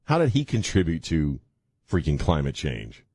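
A man's voice: very deep voice, huge pitch swings, normal speed, warm tone, slightly rough, no room sound, studio quality. A man hosting a talk radio show, joking and laughing in casual banter. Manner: jokey, laughing, mocking. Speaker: radio host.

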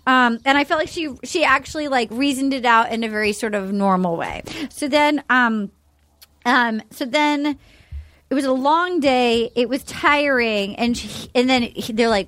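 A woman co-hosting a podcast in casual chat, excitable and laughing, retelling scenes with shouted impressions. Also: on the high side, normal speed, dry recording. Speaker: podcast co-host. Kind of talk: casual chat with comic reenactment. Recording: audible background noise.

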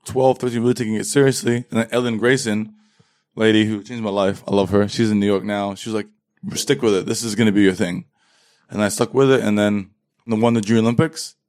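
Lively low-voiced London man. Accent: London English. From London, England. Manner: animated storyteller, acts out quotes. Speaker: fencer, interview guest. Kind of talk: casual interview chat.

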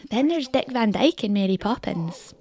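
A woman with a Scottish accent hosting a podcast in scripted narration, lively, wry and articulate. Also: fairly high pitch, moderate pace. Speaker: podcast host.

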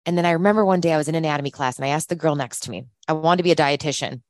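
Lively woman telling stories, dry close sound. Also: fairly low pitch, racing, no room sound. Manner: animated, acts out quoted voices, laughs often. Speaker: podcast guest. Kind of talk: casual storytelling chat.

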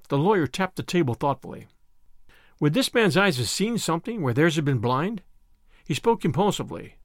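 A man narrating a novel as an audiobook reader, steady and even-toned. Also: on the high side, normal speed, dry recording, clean studio sound.

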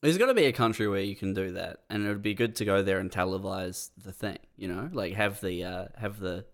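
A man co-hosting a casual comedy podcast, joking and laughing often. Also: brisk. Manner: jokey, laughs often, lively pitch swings. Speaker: podcast co-host.

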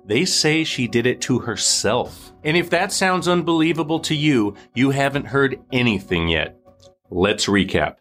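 A man hosting a show, reading a scripted true-crime narration in a measured, dramatic way. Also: medium pitch, expressive, a bit bright, soft background music. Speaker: host.

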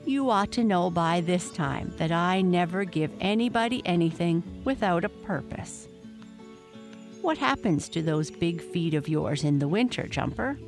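A woman's voice: on the low side, animated, unhurried, faint music behind. A woman voicing a wise, kindly old female nature teacher who asks patient questions. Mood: surprised.

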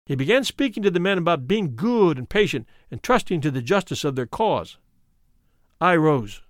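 Male audiobook narrator, high and animated, close dry sound, expressive memoir read. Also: normal speed, no room sound. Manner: expressive storytelling reading, voicing quoted speakers. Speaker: audiobook reader.

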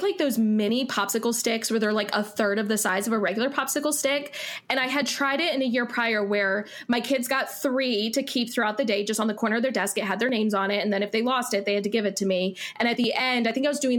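Woman, young adult, teacher, casual interview guest, slightly high voice, chatty, laughs often. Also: fast, fairly bright tone. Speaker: elementary school teacher, guest.

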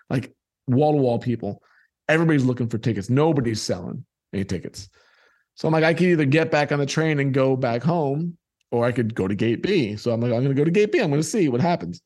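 A man's voice: mid-range voice, a little mellow. A middle-aged man telling a personal childhood story and acting out the people in it.

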